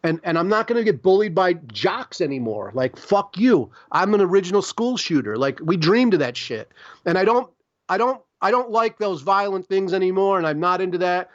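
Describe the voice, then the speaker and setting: A middle-aged man from Chicago talks in a loose, profane ramble, filling his sentences with "like" and "you know". His voice sits high for a man. The recording is dry and a little dull. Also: animated, moderate pace, no room sound. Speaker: podcast guest, publisher. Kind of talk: casual interview storytelling.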